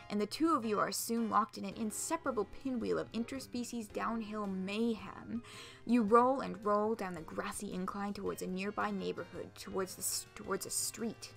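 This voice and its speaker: Gravelly-voiced woman reading a game aloud. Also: mid-range voice. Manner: expressive, laughs often, swears casually. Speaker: streamer. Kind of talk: reading a visual novel aloud on stream.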